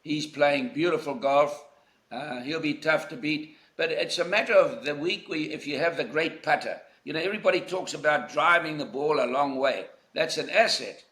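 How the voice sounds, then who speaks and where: A man's voice: a little high, a bit bright, reverberant. Older South African man, emphatic and reflective. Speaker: interview guest, golf legend. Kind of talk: conversational interview.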